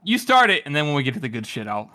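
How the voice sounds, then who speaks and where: A man co-hosting a book podcast, excitable and talking in quick bursts with restarts. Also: a little high. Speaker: podcast co-host. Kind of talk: casual book-discussion chat.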